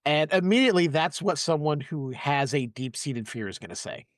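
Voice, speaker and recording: A man's voice: a little high, moderate pace, dry recording, clean studio sound. Lachende man die levendig navertelt. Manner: animated retelling with acted quotes and laughs. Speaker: podcast host. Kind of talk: casual podcast chat.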